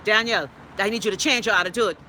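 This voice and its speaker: Blunt Bahamian woman, bright voice. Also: mid-range voice, fairly quick, slight background noise. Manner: blunt, profane, emphatic. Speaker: host. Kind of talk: live-stream commentary reading viewer comments.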